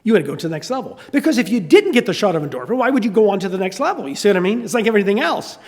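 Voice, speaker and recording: A man's voice: high-pitched, rapid-fire, in a large hall. An older man with a Southern US accent preaching a sermon, telling stories and acting out voices. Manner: animated storytelling, acting out voices. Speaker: pastor.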